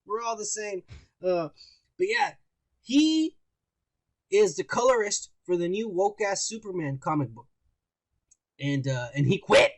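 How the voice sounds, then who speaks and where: A man's voice: sits high, very animated, unhurried, long pauses, dry recording. A man co-hosting a podcast, talking in crude, profane, rambling banter while reading out the news. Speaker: podcast co-host.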